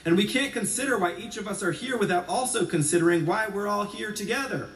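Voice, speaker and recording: A male priest delivers a sermon in a conversational, self-deprecating way that settles into quiet reflection. His voice sits a little high for a man. It is heard from a distance in a roomy church with plenty of echo. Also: fast. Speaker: Episcopal priest. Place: church sanctuary.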